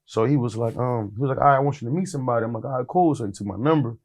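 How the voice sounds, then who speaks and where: A man's voice: mid-range voice, very fast, a little mellow. Laid-back man telling stories. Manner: laid-back, rambling with many fillers and acted-out quotes. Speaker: rap artist guest. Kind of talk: casual storytelling interview.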